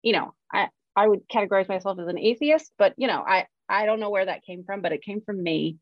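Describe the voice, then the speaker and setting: A woman with a mid-range voice speaks briskly as she co-hosts a podcast, reflecting candidly on her working life as a screenwriter. She comes across as earnest and self-reflective, at times openly emotional, in a casual, frank chat. The audio is dry and dull, lo-fi, with no echo.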